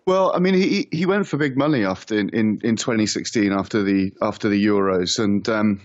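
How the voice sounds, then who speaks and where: A man answering as a football correspondent on a radio phone-in, measured and hesitant, often restarting his sentences. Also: fairly low pitch. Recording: dull lo-fi phone line.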